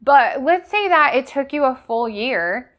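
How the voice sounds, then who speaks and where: A woman's voice: high-pitched, animated, a little slow, a bit bright. A woman hosting a motivational business talk, coaching her audience with rhetorical questions and frequent "okay?" checks.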